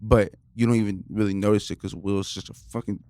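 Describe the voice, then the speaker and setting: A man's voice: on the low side, steady tone, mellow, no room sound. Joking man hosting a podcast. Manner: joking, swearing, quick asides. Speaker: podcast host. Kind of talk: casual podcast banter.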